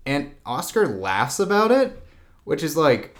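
A man's voice: fairly high pitch, wildly swooping pitch. Young man rambling through a story. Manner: rambling, lots of "like", slips into quick silly character voices. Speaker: co-host recapping a film. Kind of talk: casual chat.

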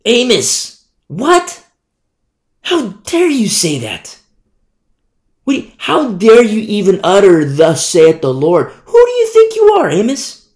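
Man doing a scornful skeptic, lively pitch swings, echoey room. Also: takes it slowly, pauses often, exaggerated voice. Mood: indignant. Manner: sneering, dismissive. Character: scoffing skeptic mocking a prophet.

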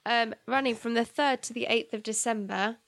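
A woman's voice: fairly high pitch, steady tone, normal speed, fairly bright tone. A woman co-hosting a podcast, playful, reading a show blurb like an announcer. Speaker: podcast co-host. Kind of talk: casual chat.

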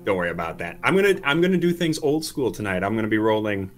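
A man narrating as game master of a tabletop game, relaxed and halting. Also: fairly low pitch, soft background music.

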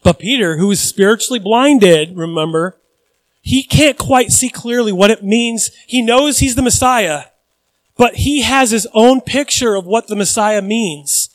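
High-voiced animated male preacher. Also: unhurried, poor audio. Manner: animated, conversational preaching with jokes and audience questions. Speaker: pastor. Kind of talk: sermon.

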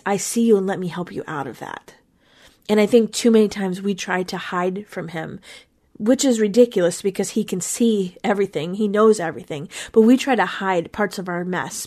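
A woman's voice: mid-range voice, a little mellow. A woman hosting a Christian talk, giving an earnest, conversational reflection on a psalm, with small repeats as she thinks aloud. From Pennsylvania, USA. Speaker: Christian podcast host. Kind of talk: devotional Bible reflection.

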